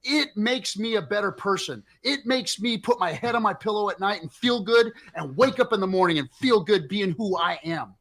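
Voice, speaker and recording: A middle-aged male host with a high voice delivers an impassioned, profane livestream rant. His emphatic, fired-up delivery keeps pushing every point. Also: expressive, normal speed, hardly any pauses, a bit bright.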